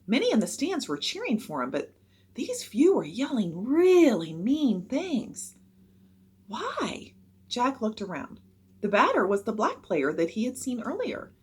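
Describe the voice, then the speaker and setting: A woman reading a children's chapter book aloud with expressive narration. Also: fairly high pitch, slightly rough.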